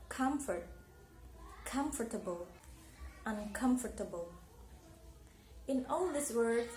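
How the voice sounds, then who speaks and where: Young indonesian woman with an indonesian accent, slightly high voice, careful pronunciation lesson, echoey room, faint hiss. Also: warm tone. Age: young adult. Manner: careful, explaining and repeating example words. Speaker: university student. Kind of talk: recorded English pronunciation lesson.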